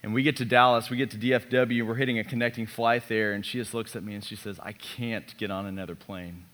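A man in his thirties, a pastor preaching a sermon built around a personal story, animated and self-mocking. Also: mid-range voice, fast talker.

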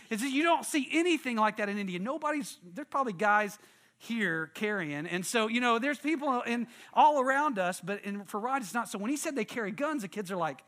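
A man from Texas, telling a lively story as part of a sermon and acting out voices and sounds. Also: very high-pitched, fairly quick. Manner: animated, acts out quotes and sound effects.

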